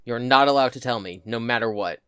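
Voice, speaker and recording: A man's voice: mid-range voice, a little fast, pushed and bright, clear, resonant tone, no echo. A man talking on a casual podcast, spinning out a long rambling rant and breaking into laughter at his own frustration. His voice sits in an ordinary middle range, recorded close and dry with no room sound. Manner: rambling, exasperated, laughing at himself. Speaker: podcast co-host. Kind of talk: casual chat.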